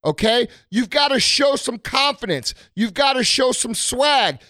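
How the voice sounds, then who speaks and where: Blunt, swearing high-voiced man. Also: lively intonation, measured pace, pushed and bright, no room sound, studio quality. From United States. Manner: blunt, aggressive, heavy swearing. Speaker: motivational speaker. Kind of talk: profane motivational rant.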